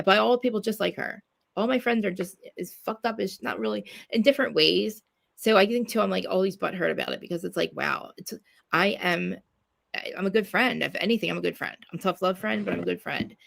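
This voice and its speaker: A gravelly, medium-pitched woman from New Jersey rants through casual conversation. She swears constantly and keeps starting her sentences over.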